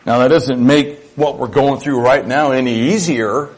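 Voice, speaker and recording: A man's voice: medium pitch, moderate pace. An older man preaching a sermon to his church, folksy and reflective, sometimes acting out little dialogues. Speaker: pastor.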